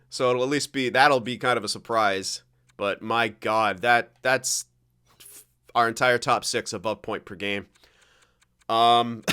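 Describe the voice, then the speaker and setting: A young man commenting on his own hockey video game play, excitable and foul-mouthed, swinging from loud cheering to low grumbling. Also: clear, resonant tone. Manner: excitable, swears often, swings between shouting and grumbling. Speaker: gaming commentator.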